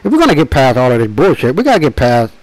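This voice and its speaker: A man presenting his own book in a rambling monologue, emphatic and profane, often slowing to drag out his words, with frequent restarts and asides. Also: mid-range voice, huge pitch swings, dry recording, low-quality recording. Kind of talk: rambling direct-to-camera monologue.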